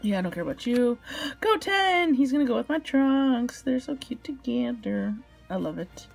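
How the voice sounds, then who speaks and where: A woman's voice: fairly high pitch, sing-song, moderate pace, gravelly. Gushing, squealy young woman unboxing cards. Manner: squealing, gushing fan, frequent gasps and laughs. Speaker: card unboxing vlogger. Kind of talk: excited unboxing commentary. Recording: faint background music.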